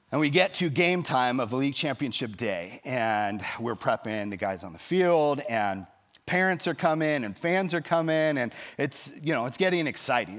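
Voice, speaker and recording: A man pastor preaching a sermon, telling a story in a lively way and acting out the people in it. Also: mid-range voice. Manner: storytelling, animated, acts out quoted voices.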